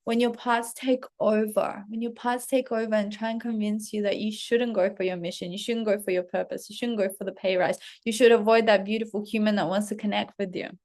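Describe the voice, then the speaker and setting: Woman coach in her thirties, middle pitch with gravelly fry, blunt and chatty. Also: fairly quick, hardly any pauses. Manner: candid, heavy swearing, animated self-talk. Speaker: self-development coach. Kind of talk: casual spoken storytelling to followers.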